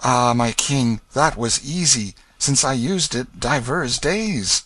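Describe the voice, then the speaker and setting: A man's voice: medium pitch, takes it slowly, slightly rough, no room sound, voice pushed up. A man voicing a ragged, humble boy who pleads eagerly. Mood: humble pleading. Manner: pleading, excited outbursts.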